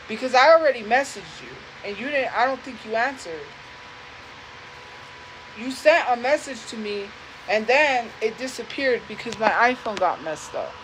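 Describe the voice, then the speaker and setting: A young woman telling a personal story live, speaking earnestly and haltingly and often repeating herself. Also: fairly high pitch, animated, fairly bright tone, slight background noise, low-quality recording. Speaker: livestream host.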